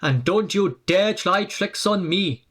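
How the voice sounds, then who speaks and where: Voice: mid-range voice, expressive, slow, fairly bright tone, breathy edge, heavily acted. A storybook narrator voicing a stern, firm old male steam engine who scolds. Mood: scolding.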